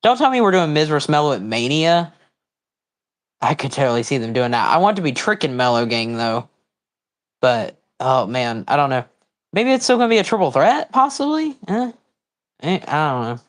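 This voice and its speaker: A man hosting a casual livestream, talking loosely and at length over a wrestling show. His voice sits at an ordinary middle pitch, and he jumps into loud excited outbursts when something big happens. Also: normal speed, pauses often. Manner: rambling, with sudden excited outbursts and confused reactions. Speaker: livestream host. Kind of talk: casual live commentary on a wrestling broadcast.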